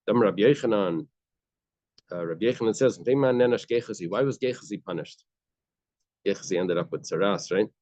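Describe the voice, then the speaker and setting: Low-voiced man teaching a Talmud class. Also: normal speed, long pauses, a little mellow, no echo, highs cut off. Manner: reads Aramaic text then explains in English, casual and conversational.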